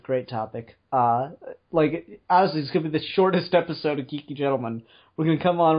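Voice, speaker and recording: A man co-hosting a podcast in casual chat, joking around and laughing often. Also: mid-range voice. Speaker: podcast co-host. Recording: dull lo-fi audio.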